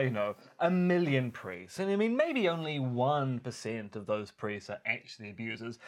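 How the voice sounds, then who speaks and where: A man's voice: mid-range voice, lively intonation, moderate pace, hardly any pauses. A man co-hosting a podcast in casual chat, teasing and mock-pompous, breaking into playful put-on voices. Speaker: podcast co-host.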